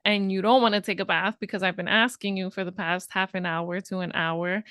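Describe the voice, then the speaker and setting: A woman's voice: mid-range voice, fairly even intonation, fairly quick, a bit bright, clear, resonant tone, no room sound, studio quality. A woman co-hosting a parenting podcast, talking candidly about her own struggles as a mother. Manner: candid, chatty, self-deprecating. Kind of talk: casual podcast chat.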